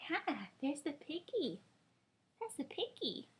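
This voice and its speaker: A young mother in gentle, coaxing baby talk, praising her infant and now and then imitating animal sounds. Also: sits high, sing-song, slow, noisy background. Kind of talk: baby talk with a seven-month-old.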